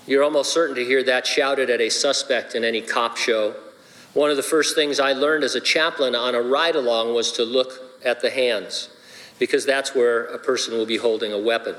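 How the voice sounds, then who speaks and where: A man's voice: medium pitch, fairly even intonation, moderate pace, a bit bright. A man, a pastor, preaching a sermon with playful, joking asides. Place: church sanctuary. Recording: long hall reverb.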